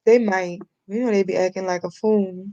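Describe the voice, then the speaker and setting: Woman, gravelly voice, mellow tone, dry dull lo-fi sound, short laid-back remarks. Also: medium pitch, steady tone, normal speed, no room sound. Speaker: friend chiming in off camera. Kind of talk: casual chat. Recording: dull, lo-fi from off-mic.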